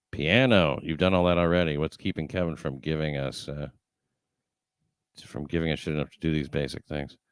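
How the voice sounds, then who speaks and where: Reading his live chat out loud, a livestream host rambles casually, swearing and stumbling through fillers and restarts. His voice is a clean, rumbling low, with no room sound around it.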